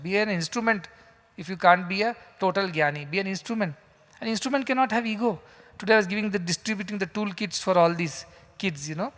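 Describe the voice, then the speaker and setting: A man's voice: sits high, a bit bright. A man giving a sermon as a spiritual teacher in a large hall, emphatic and full of rhetorical questions. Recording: long hall reverb.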